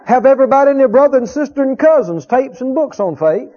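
High-voiced preacher with a husky tone. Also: male voice, expressive, mellow. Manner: emphatic, repeats key phrases, drawn-out quotes of scripture. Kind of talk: sermon. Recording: dull lo-fi recording.

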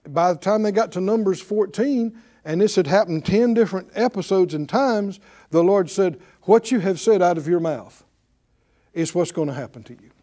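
A pastor delivers a sermon in a high voice, putting rhetorical questions to the congregation and swinging between loud emphasis and hushed asides.

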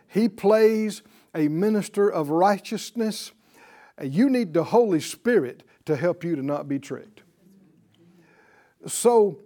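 A man's voice: high voice, a little mellow. A man teaching a Bible class, emphatic, repeating key words and asking the class rhetorical questions.

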